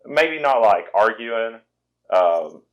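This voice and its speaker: A man's voice: mid-range voice, lively intonation, slow, highs cut off. Rambling Southern-accented young man. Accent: Southern American. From Virginia. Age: 20s. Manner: rambling, self-deprecating, frequent restarts. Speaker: podcast host. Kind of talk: casual chat.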